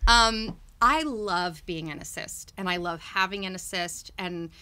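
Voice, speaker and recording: Woman guest, young adult, bright clear voice, chatty and laughing, explaining step by step. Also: lowish voice, unhurried. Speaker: puppeteer guest. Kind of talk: casual interview chat.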